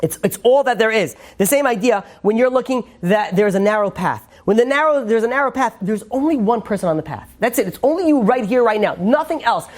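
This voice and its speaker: A man's voice: high-pitched, animated, a little fast, hardly any pauses. A rabbi giving an informal Torah class, a man who chats freely, acts out little scenes and keeps saying "you know.". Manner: chatty, acts out quotes, many fillers.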